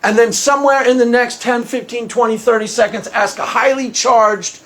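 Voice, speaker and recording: Male commentator, higher pitched, unscripted and animated, acts out quotes mid-story. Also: moderate pace. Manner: conversational, many restarts. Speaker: YouTube commentator.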